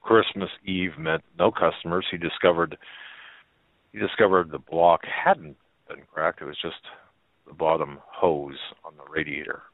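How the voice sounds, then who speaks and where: A male talk show host reads a story aloud in a folksy, halting way, full of fillers and restarts. His voice sits very low, and the sound is dry and squeezed into a narrow, phone-like band. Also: fairly even intonation, no room sound.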